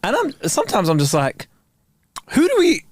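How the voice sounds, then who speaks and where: A man co-hosting a comedy podcast, his pitch a bit high and bouncing all over as he riffs in slangy, swearing banter. The voice sits close and dry on the mic. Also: wildly swooping pitch, normal speed, no echo. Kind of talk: casual chat.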